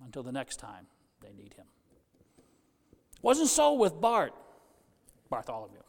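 A pastor in his sixties preaching a sermon, an animated storyteller who jokes with his congregation. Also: on the high side, a little slow. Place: church sanctuary. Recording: long church reverb.

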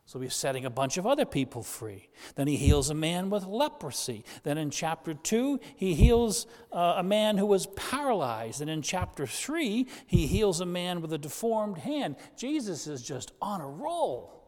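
A man preaching a sermon as pastor, with animated delivery, quick asides and voices for the people he quotes. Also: high voice, big-room sound.

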